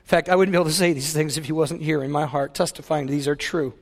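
A man's voice: a little high, steady tone, quick pace, pitched below the performer's own voice, lightly acted. A man quoting his earnest wife. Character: preacher's wife, grown woman, earnest believer.

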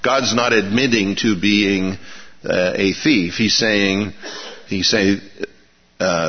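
A low-pitched man preaching in a plain, folksy manner, often asking his listeners rhetorical questions. His voice rings out in a long-reverb hall, and the recording sounds dull and lo-fi. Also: unhurried. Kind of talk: sermon.

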